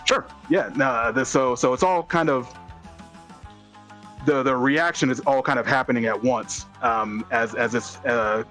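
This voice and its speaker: Bright-voiced man running a tabletop game. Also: measured pace, faint music behind. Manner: rambling, many fillers, bursts into high put-on voices. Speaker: game master.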